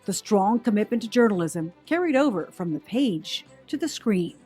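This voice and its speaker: A woman news anchor giving measured, polished documentary narration. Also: medium pitch, sing-song, darkish tone, breathy edge, faint music behind.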